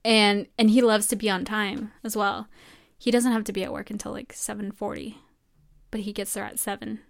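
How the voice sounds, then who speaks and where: A young woman in medical school chats casually with an animated storytelling manner, acting out what others said. Her voice sits at an ordinary middle pitch. The talk is relaxed and conversational. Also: normal speed, vocal fry. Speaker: medical student. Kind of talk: casual chat.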